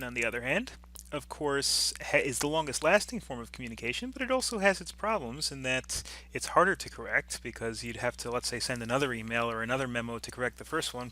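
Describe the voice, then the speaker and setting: A man's voice: mid-range voice, pushed and bright. A middle-aged man giving an unscripted recorded business lecture, rambling with frequent restarts and asides.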